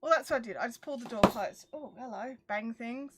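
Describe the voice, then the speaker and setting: A woman's voice: fairly high pitch, a little fast, very noisy. A woman hosting a crafting livestream from her backyard shed, chatting casually and acting out her own lines as she tells a story. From Australia. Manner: chatty and animated, acts out her own quotes. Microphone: phone.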